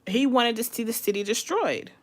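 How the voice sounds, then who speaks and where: A woman's voice: on the high side, animated, moderate pace. A woman leading a casual Bible study, reading scripture aloud and explaining it in a chatty, conversational way.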